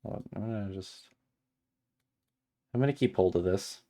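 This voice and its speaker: A man streaming a visual novel, reading its narration aloud between animated, exasperated asides. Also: on the low side, normal speed.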